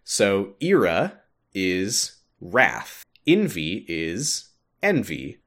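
Animated low-voiced male podcast host. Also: extremely slow. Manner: animated storytelling with laughs. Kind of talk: casual podcast recap.

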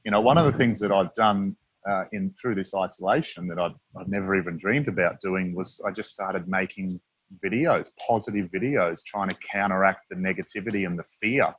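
A man's voice: sits low, fairly quick, a bit bright, husky. A man with an Australian accent, a freediving instructor, chatting casually as an interview guest and rambling through his stories with many fillers and restarts.

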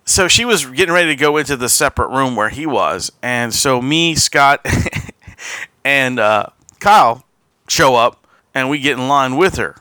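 A man's voice: medium pitch, expressive, a little slow, bright, forceful tone, clear, resonant tone, no echo. A man hosting a podcast, telling a long casual story with frequent restarts and quoted asides. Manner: rambling anecdote with laughs and quoted asides. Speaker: podcast host.

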